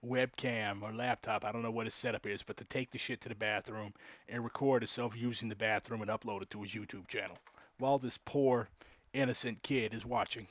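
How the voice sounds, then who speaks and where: A man's voice: on the low side, steady tone, a little fast, no room sound. A man streaming live, ranting sarcastically and with exasperation at a debate clip he is reacting to. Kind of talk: casual live-stream commentary. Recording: dull, boxy mic sound.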